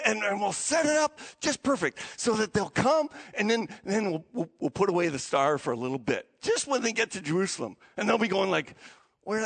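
A male pastor delivering a sermon in an animated, excitable way, often restarting his sentences. His voice sits very high for a man. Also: slightly rough, low-quality recording.

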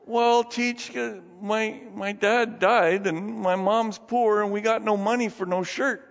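A man voicing a poor, hungry ten-year-old boy with a squeaky voice, in a sermon story. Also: fairly even intonation, slow, gravelly, full character voice. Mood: pleading. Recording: dull sound with long hall reverb.

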